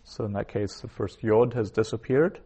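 A man's voice: fairly low pitch, mellow, breathy edge. A man teaching a recorded language lesson, saying each word twice and then explaining it. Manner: slow, repeats each word twice before glossing it. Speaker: Hebrew teacher.

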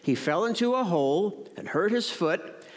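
A man's voice: sits high, animated, moderate pace. A man voicing a kind, sensible male hedgehog in a storybook read-aloud. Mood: calm. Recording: echoey church hall.

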